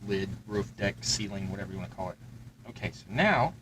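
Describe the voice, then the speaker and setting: With a fairly low, animated voice and a slightly quick pace, a man runs a terrain-crafting livestream, casually narrating his workbench steps while thinking aloud. The background is noisy.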